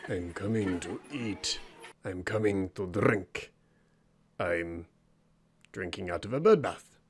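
A man doing a sleepy low greedy bear. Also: takes it slowly, background noise. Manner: low, drowsy murmur, mumbling about food. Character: lazy greedy male bear, slow and sleepy. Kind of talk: comic voice-over of animal footage.

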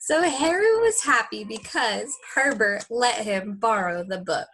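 A young woman teacher at home, recording a lesson and reading a story aloud to young kids in a chatty, lively way. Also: on the high side, slow, breathy edge, rough recording.

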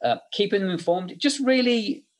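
A man's voice: high voice, moderate pace. Rambling middle-aged man telling stories. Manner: rambling, anecdotal, many fillers. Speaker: makeup effects artist, guest. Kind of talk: casual interview chat.

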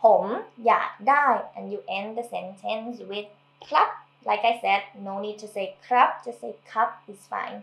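A woman from Thailand casually teaching language, explaining patiently and repeating words slowly. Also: mid-range voice, steady tone, vocal fry, a bit bright, roomy sound, low-quality recording.

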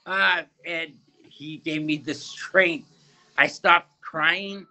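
A man giving a fervent personal faith testimony in an interview, halting and often repeating his words. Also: on the high side, steady tone, bright, forceful tone, rough recording.

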